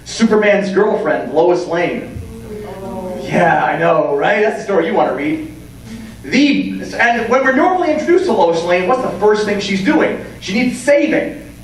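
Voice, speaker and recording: A man in his thirties gives a joking, animated panel talk about writing heroes. His fairly high voice bounces around a big hall, captured from a distance with a faint hum. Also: measured pace. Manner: animated, jokey, acts out scenes. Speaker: convention panelist. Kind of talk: comedic lecture. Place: convention panel room.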